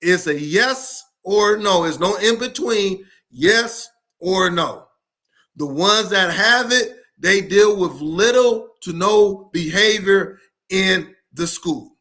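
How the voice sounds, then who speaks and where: An education speaker talks passionately and solo to camera about school leadership, emphatically repeating key points for stress. His voice is high-pitched, pushed and bright, and he speaks slowly.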